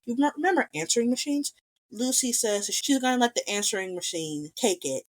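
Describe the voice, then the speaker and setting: A woman's voice: on the high side, brisk. A woman casually talking through a film's plot, retelling scenes and acting out the characters' lines as she goes. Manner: animated retelling, acting out quotes. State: recovering from strep throat. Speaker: podcast co-host. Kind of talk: casual film discussion.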